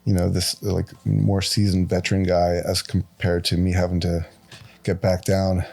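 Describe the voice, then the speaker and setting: A man in his forties chats as a podcast guest, telling stories about his work. He talks in a loose, animated way and raises his voice when he acts out what people said. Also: sits low, moderate pace, gravelly. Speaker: guest tattoo artist. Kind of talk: casual podcast storytelling.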